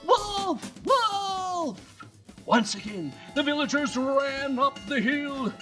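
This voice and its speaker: A woman telling a bedtime story slowly and expressively. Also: high voice. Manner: slow, very expressive, hushed at times. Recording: distant mic, soft music behind.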